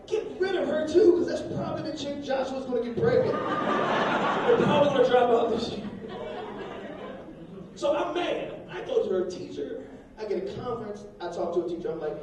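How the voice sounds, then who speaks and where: Man doing crude stand-up, high voice, echoey club from afar, crowd laughing. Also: lively intonation, a little fast, recorded from a distance, a little hiss or hum. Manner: crude, rambling, swings between loud bursts and low mutters. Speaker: stand-up comedian. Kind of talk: stand-up comedy set. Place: comedy club stage. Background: audience laughter.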